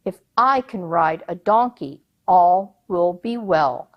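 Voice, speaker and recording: Brief: fearful old man in a folk tale, anxious and pleading, slow, played by a woman. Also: fairly low pitch, lively intonation, dull audio. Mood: musing. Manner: anxious, pleading, muttering to himself.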